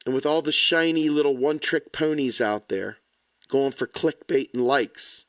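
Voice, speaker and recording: Angry, profane political ranter. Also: male voice, mid-range voice, normal speed, no room sound. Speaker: political commentator. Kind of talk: impassioned rant to camera.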